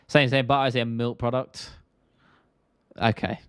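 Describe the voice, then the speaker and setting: A man's voice: mid-range voice, expressive, moderate pace, smooth, dry recording, clean studio sound. Chatty South London guy. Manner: chatty, blunt, swears freely, drops T's. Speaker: MMA stream host. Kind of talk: casual live-stream chat reading viewer comments.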